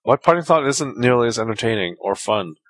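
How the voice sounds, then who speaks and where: A man co-hosting a relaxed podcast, speaking at a typical middle pitch for a man. He explains his points earnestly and thoughtfully. He laughs easily as he talks. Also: fairly quick. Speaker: podcast co-host. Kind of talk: casual comedic chat.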